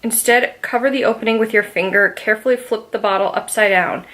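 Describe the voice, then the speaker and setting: A woman's voice: a little high, fairly even intonation, brisk, fairly bright tone. A woman reviewing a foundation in a casual beauty vlog, chatty and apologetic, with the hiccups. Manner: chatty, apologetic, reads labels aloud. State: has the hiccups. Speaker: beauty vlogger.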